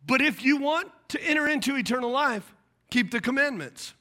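A middle-aged man preaching a sermon, animated and acting out voices of the people in his stories. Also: very high voice, normal speed. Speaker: pastor.

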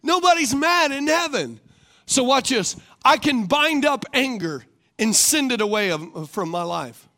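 High-voiced preaching man. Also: very animated, measured pace, sharp tone. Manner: rhetorical, calls for congregation responses; repeats questions for emphasis. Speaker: pastor. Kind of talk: sermon.

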